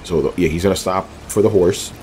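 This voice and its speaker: A man with a low, deep voice talks casually over his gameplay, explaining tactics in a loose, rambling way. He leans on fillers and tosses in self-mocking jokes as he goes. A faint noise sits under the recording. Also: brisk, a little mellow. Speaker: video game walkthrough commentator.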